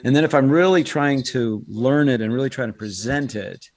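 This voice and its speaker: Middle-aged american guy, voice actor telling stories in a chatty interview, lively. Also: medium pitch, moderate pace. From United States. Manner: animated storyteller, drops into quoted voices. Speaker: guest, voice actor and impressionist. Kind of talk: casual interview chat.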